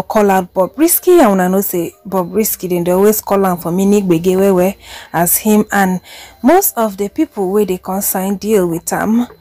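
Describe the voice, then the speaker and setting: A woman's voice: medium pitch, a little mellow. A woman with a Nigerian accent giving casual gossip commentary as a vlogger, chatty and switching between Pidgin and English.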